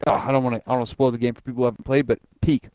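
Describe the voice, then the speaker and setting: A young man hosting a casual podcast, talking excitedly and swearing often, acting out game scenes in quick voices. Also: medium pitch. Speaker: podcast host. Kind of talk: casual chat.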